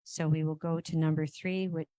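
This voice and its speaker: A woman chairing a formal council meeting in a meeting room, speaking in a measured way with frequent ums and restarts. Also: sits low, flat delivery, mellow, no room sound.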